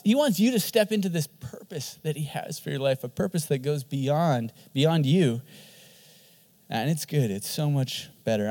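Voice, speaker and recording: A man who is a pastor, preaching an animated sermon and often repeating words for emphasis. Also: a little high.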